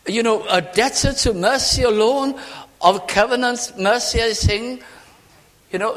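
Older Welsh preacher in a reverberant hall. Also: male voice, extremely high pitch, normal speed. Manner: fervent, swings between loud ringing lines and hushed asides. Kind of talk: sermon.

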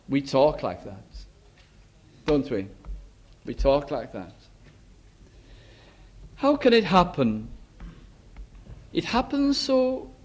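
A male preacher delivers a sermon in a high, light voice. He acts out the voices of ordinary churchgoers, then drops to quiet, reflective asides.

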